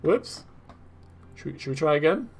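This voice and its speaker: Young guy on a dev stream, kinda high voice, gets super hyped playing stuff. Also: moderate pace, gravelly, slightly rough. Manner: excitable, gushing, talks to chat. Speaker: game developer streamer. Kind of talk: live stream gameplay chat.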